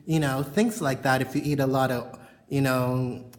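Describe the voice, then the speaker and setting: A woman's voice: a bass voice, steady tone, normal speed. Frank rambling woman vlogging from bedroom. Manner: frank, rambling, heavy on "you know" fillers. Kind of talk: casual chat to camera. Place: bedroom at home.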